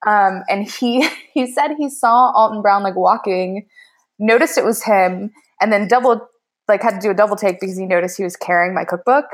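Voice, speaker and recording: A woman's voice: mid-range voice, moderate pace. A woman baker, a podcast guest, telling a story casually with lots of laughter and fillers. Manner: animated, laughing, many fillers like "like" and "um". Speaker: baker and cookbook author guest.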